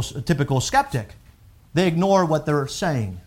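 Male pastor, sermon delivery, fairly high voice, emphatic with loud climaxes. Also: animated, moderate pace. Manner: emphatic, rising to loud peaks when quoting scripture and critics.

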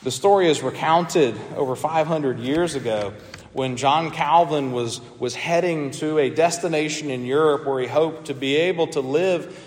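A man's voice: a little high, in a large hall. A man preaching a sermon as pastor, earnest, with frequent restarts and emphatic peaks.

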